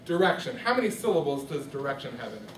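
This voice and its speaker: A man teaching a music class in a classroom, steadily questioning the students and prompting their replies. His voice sits a little high. The recording comes from a distance, with the roomy echo of the classroom and a faint hum of ambience behind him. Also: sing-song, fast talker. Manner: questioning, coaxing students to answer. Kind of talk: classroom microteaching lesson. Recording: echoey classroom from far off.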